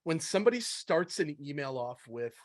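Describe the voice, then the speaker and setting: A man hosting a webinar panel, his voice a little higher than most men's. He talks casually and with upbeat energy as he steers the conversation, and the sound is dry and close. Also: very animated, normal speed, no room sound. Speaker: webinar host.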